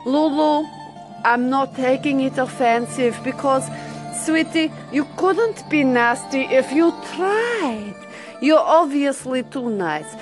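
Lady doing a fake russian radio host, slow drawl, cooing pet names, faint music under it. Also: high voice, lively intonation. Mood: teasing. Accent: mock Russian. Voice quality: theatrical, coos pet names, swoops between purring and shouting. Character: brash, flirty Russian woman radio host. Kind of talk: comic character radio show.

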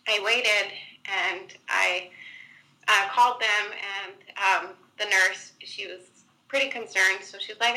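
Bright-voiced young woman telling her story. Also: mid-range voice, steady tone, takes it slowly, low-quality recording. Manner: chatty, many "like" fillers, acts out quotes. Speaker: guest. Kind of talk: casual personal storytelling.

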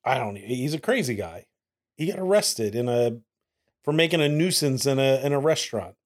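A man co-hosting a casual podcast, animated, often repeating lines for laughs. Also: mid-range voice, normal speed. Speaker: podcast co-host.

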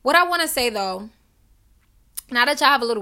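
Woman ranting on her podcast, gravelly, bright and kinda high. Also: lively intonation, a little fast, long pauses. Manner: emphatic, profane, preachy, addresses listeners directly. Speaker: podcast host. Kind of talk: passionate solo podcast monologue.

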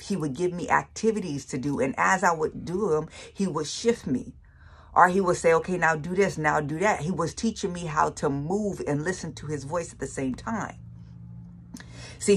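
A woman's voice: sits low, fairly bright tone, breathy edge. A woman preaching her personal faith testimony in a casual, colloquial way, emphatic and repeating phrases for effect. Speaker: faith speaker sharing testimony.

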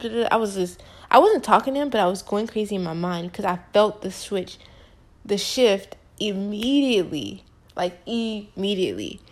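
A young woman in her twenties chats straight to camera, spinning a personal story in loose, slangy speech. She talks with an animated, emphatic delivery, leaning hard on key words. Her pitch sits right in the middle of the usual range for a woman. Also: normal speed. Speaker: vlogger.

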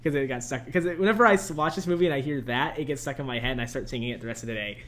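A young man co-hosting a podcast, chatting casually about a movie, animated and laughing often. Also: mid-range voice, very fast. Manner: animated, laughs often, quotes lines in funny voices. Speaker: podcast co-host. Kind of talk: casual movie review chat.

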